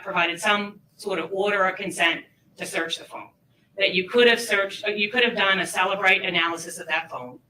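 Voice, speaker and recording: A man's voice: sits high, bright, forceful tone, distant mic, slight background noise. A man cross-examining a witness in a courtroom as a defense attorney, pressing him with leading questions. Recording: roomy courtroom audio from afar.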